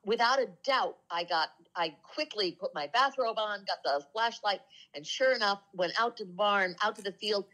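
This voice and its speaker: A woman telling heartfelt personal stories in a casual spiritual talk, earnest and slowing down softly for the emotional moments. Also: medium pitch, low-quality recording. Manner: earnest, slows down and drops soft for emotional moments. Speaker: co-host of a spiritual talk show. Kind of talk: casual conversational storytelling.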